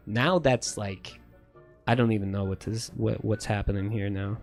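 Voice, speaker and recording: A man's voice: fairly low pitch, steady tone, moderate pace, soft background music. A congested man streaming a video game, rambling in a self-mocking way and swearing a lot. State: congested, stuffy nose. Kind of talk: casual livestream commentary. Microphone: earphones with a streaming mic.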